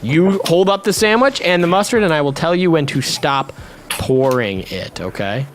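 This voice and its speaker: A man's voice: fairly high pitch, animated, normal speed, soft background music. A man hosting a livestream, bossy and profane as he gives orders. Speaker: livestream host. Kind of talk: livestream chat.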